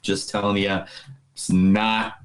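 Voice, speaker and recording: A man co-hosting a casual movie podcast, joking around and swinging between quick bursts and slow drawls. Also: fairly low pitch, flat delivery. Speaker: podcast co-host.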